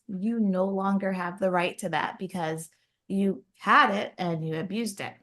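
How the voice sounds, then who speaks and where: A woman co-hosting a casual book podcast, retelling a romance plot with animated quoted dialogue. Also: normal speed. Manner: animated retelling, high squeaky voices for quoted characters. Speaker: podcast co-host. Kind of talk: casual book recap chat.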